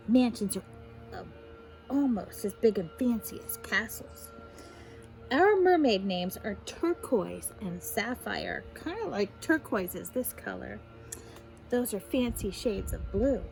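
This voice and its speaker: A woman, a teacher, reading a picture book aloud to children in an animated way, stopping to explain the fancy words. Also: mid-range voice, slow, creaky, faint music behind, poor audio.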